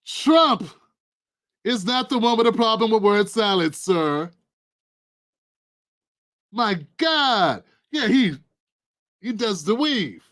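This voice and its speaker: A man's voice: high voice, animated, takes it slowly, pauses often, a bit bright. A man hosting a casual political commentary livestream, talking straight to his viewers in a playful, riffing way.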